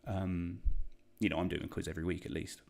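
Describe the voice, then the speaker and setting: Quiz host, young English man, deep voice, casual and chatty, pokes fun at himself. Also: fairly even intonation, a little fast, gravelly. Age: young adult. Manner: chatty, self-deprecating, reads shout-outs. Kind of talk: casual quiz hosting livestream.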